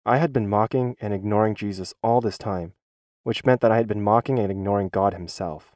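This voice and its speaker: A man's voice: fairly low pitch, a little fast, a little mellow, dry recording, clean studio sound. Earnest man reading a church testimony. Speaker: schoolteacher giving a church testimony. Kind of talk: dubbed testimony voice-over.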